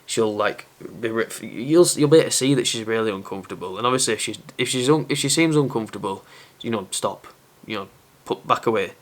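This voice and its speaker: A man's voice: on the low side, fast. A young man talking casually to camera as a dating advice presenter, candid and self-aware.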